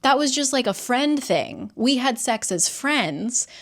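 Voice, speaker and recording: A woman's voice: high-pitched, animated, unhurried, fairly bright tone, pitched above the performer's own voice, exaggerated voice. Brief: a woman voicing a nervous young man who keeps backpedaling, storybook recap. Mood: flustered. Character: flustered young man in denial.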